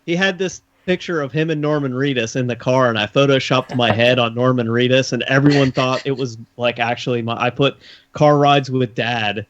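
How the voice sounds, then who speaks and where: A man's voice: mid-range voice, normal speed. A man co-hosting a live stream, bantering casually in a playful, teasing way. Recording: dull lo-fi sound.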